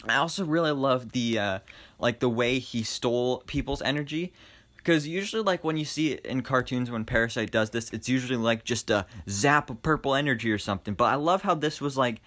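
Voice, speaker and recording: A young man casually reviewing an animated film, enthusiastic and rambling, with lots of fillers and restarts. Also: mid-range voice, brisk. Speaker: movie reviewer.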